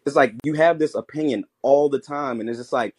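Man, podcast caller, animated, sarcastic, rambling, dry close sound. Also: medium pitch, brisk, husky, dry recording. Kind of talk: call-in discussion.

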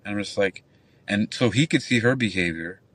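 A man's voice: lowish voice, a little fast, husky, dry recording, distant mic. A man who works as a nightclub bouncer, telling a long, rambling, profane story in casual call-in chat. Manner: rambling, profane, animated retelling.

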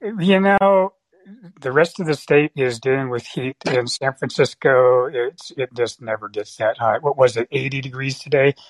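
A man calls in to a podcast and chats casually. He hesitates with fillers and often chuckles. His voice sits at a middle pitch, and the sound is dry. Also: normal speed, no echo. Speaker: caller. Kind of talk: casual phone-in chat.

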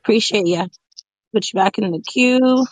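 A woman hosting a call-in podcast, briskly thanking callers and bringing up the next. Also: mid-range voice, breathy edge, dry recording. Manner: brisk, friendly, managing callers. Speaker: podcast host.

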